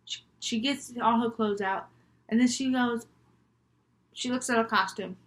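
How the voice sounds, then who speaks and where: A young woman vlogger telling homemade scary stories, chatty and rambling with frequent giggles. Her voice sits a little high for a woman. She talks casually, as if to friends. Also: steady tone, unhurried. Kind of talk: casual storytelling vlog.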